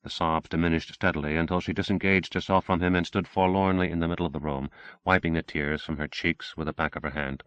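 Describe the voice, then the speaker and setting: A man's voice: low voice, steady tone, quick pace, fairly bright tone, clear, resonant tone, dry recording, muffled recording. A man narrating a novel, reading expressively from an old cassette recording. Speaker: audiobook narrator. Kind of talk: scripted narration.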